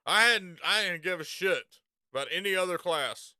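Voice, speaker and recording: A man streaming and chatting casually, loud and profane, quick to laugh. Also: high-pitched, expressive, no room sound, studio quality. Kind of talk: casual chat.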